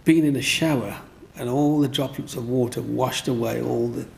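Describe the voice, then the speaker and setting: A man's voice: mid-range voice, steady tone, normal speed, vocal fry, slight background noise. A man telling stories from his life in an interview, rambling and repeating himself as he goes. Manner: rambling, repeats himself, often says "you know what I mean". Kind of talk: storytelling in an interview.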